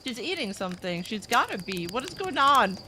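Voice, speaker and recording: A young woman streamer giving excitable live reaction commentary, laughing often and swearing freely. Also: a little high, a little fast, background noise. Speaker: VTuber streamer.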